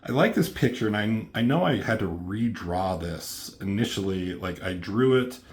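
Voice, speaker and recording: A man's voice: fairly low pitch, expressive, normal speed, a little hiss or hum. A man casually walking through his own comic book, reading bits of dialogue and rambling with many fillers. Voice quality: rambling, many fillers, reads dialogue with slight character shifts.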